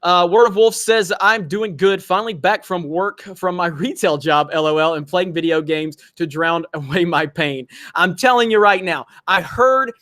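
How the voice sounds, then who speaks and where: A man's voice: high voice, normal speed, hardly any pauses, a bit bright, no room sound, clean studio sound. A man hosting a livestream, ranting animatedly in casual, profane chat. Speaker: livestream host.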